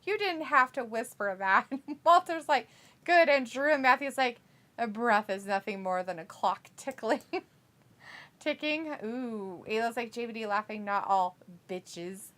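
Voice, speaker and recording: Bright-voiced woman reading chat aloud. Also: fairly high pitch. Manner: reads chat messages aloud with quick laughs. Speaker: watch-along stream host reading chat. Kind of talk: casual live-stream chat.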